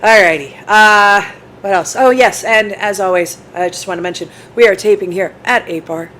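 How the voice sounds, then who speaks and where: A woman's voice: medium pitch, normal speed, a bit bright, poor audio. Rambling, self-deprecating woman co-host, casual chat, light background noise. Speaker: podcast co-host. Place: bar in a bookstore.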